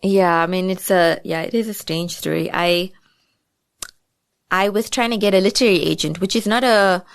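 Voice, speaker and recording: Woman, South African accent, lowish pitch, dry recording, reflective chatty talk. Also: fairly even intonation, normal speed, clean tone, no room sound. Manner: reflective, chatty, many asides. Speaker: author guest. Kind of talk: casual podcast interview.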